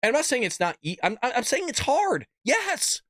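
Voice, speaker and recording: A man's voice: extremely high pitch, huge pitch swings, moderate pace, fairly bright tone, dry recording. Fired up dude ranting on his show, voice jumps all over, dry close sound, swears a lot. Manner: blunt, fired-up, cusses. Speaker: host. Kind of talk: political commentary rant.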